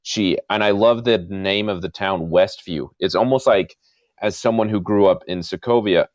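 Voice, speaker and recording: A man's voice: on the low side, normal speed, no room sound. A man on a podcast talking casually and eagerly, gushing and repeating himself as he makes his points. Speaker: podcast co-host. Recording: dry, muffled remote audio.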